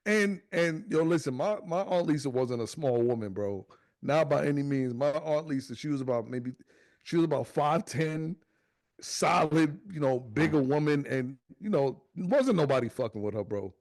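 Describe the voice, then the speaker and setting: A man's voice: normal speed, dry recording, clean studio sound. A young adult man on a podcast telling a family story casually, swearing freely and acting out the voices of the people in it. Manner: animated storyteller, acts out quotes in high voices, swears freely. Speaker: podcast co-host.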